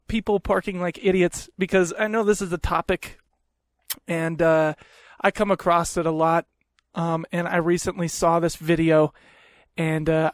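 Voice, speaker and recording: A young man with a fairly high, clear, resonant voice hosts a podcast, telling animated stories, swearing freely, and mocking himself in casual chat. He sits right up on the mic in a small room at home, so the sound is dry and close with no echo.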